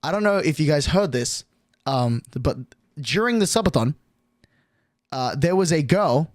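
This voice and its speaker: Speaking a little slowly, a male streamer meanders through a tale, loading each line with fillers and swearing. The pitch moves about in a lively way, and the sound is close and dry.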